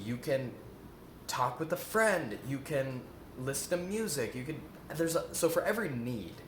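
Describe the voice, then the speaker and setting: A man's voice: medium pitch, a bit bright, a little hiss or hum. A man coaching viewers in a self-help lesson, earnest and repetitive, often asking rhetorical questions. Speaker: eating coach. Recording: echoey room.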